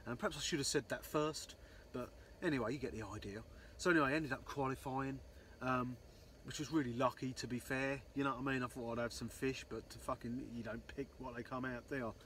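A man's voice: medium pitch, fairly even intonation, a little fast, fairly bright tone, a little hiss or hum. A man telling a rambling fishing story, swearing constantly and saying "um, so anyway" a lot. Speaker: angler vlogger. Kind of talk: casual storytelling.

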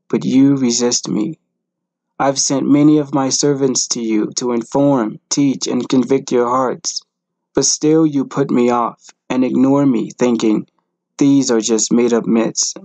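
A man's voice: mid-range voice, darkish tone, no room sound, highs cut off. Man reading Jesus: earnest, pleading divine savior, mid voice, dry close sound. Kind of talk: devotional message reading.

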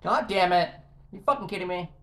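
Frustrated by jump after failed jump, a young YouTuber swears his way through commentary on his own gameplay. His let's-play voice is high, fairly quick and slightly bright.

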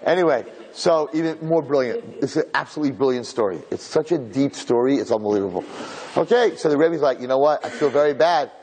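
A man, a rabbi, teaching a Torah class to a live audience as an animated storyteller who repeats words and climbs to shouts at the story's peak. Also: mid-range voice, quick pace, few pauses, slight background noise. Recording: hall reverb.

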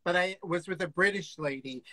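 Bright-voiced man hosting a chat. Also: sits high, no echo. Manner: eager quick interjections. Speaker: interview host. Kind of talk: casual interview chat. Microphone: video call.

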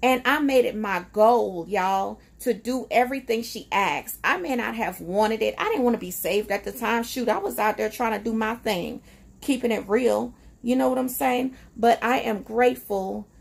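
A woman's voice: fairly high pitch, creaky, husky. A woman talking in a casual, reflective personal vlog, conversational and emotional, with frequent fillers. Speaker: vlogger.

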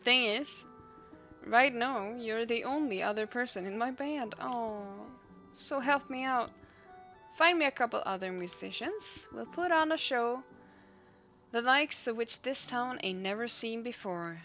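Cocky slangy bandleader guy, read by a woman, slow, bright tone, music faint behind. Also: on the high side, lively intonation, lo-fi sound. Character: brash male band leader. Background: faint game music.

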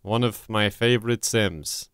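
A man's voice: fairly low pitch, a little slow, a bit bright, clear, resonant tone, dry recording, studio quality. A young man with an Irish accent giving playful, sarcastic commentary over a life-sim game, laughing often and breaking into sudden yelps. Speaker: gaming YouTuber. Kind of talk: gameplay commentary.

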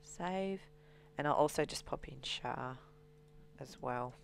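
A woman walking through a software demonstration as a trainer, explaining steadily with frequent ums. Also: extremely low pitch, slow, vocal fry, a little hiss or hum.

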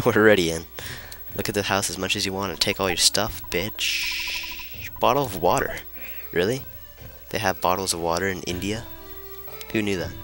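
Man, low voice, forceful bright tone, casual let's play commentary, joking, swearing, somewhat hushed. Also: moderate pace, soft background music. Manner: irreverent, joking, swears freely. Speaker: gamer. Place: room at home.

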